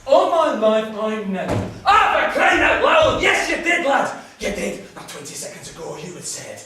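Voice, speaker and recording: A man doing a blustering Scottish Highlander. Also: a little fast, creaky, far from the mic, a faint crowd. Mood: angry. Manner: blustering, shouting threats. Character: hot-tempered Highlander man who threatens with a claymore. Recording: echoey room from afar, noisy.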